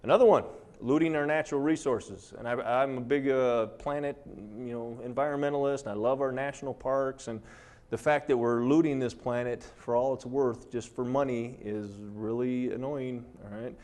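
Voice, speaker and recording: A man delivering a live talk to an audience, sarcastic and animated. He gets charged up as he goes and keeps checking in with listeners between points. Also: medium pitch, normal speed. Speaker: presenter.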